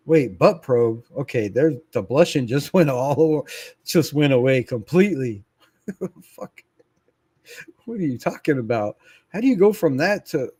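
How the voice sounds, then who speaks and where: A middle-aged man hosts a fan livestream, chatting loosely and reading viewer comments out loud. He laughs easily and curses without a second thought. His voice sits a bit high for a man, and the sound is close and dry with no room around it. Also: dry recording. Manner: laid-back, reads viewer comments aloud, laughs often, swears. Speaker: fan channel livestream host. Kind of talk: casual livestream chat.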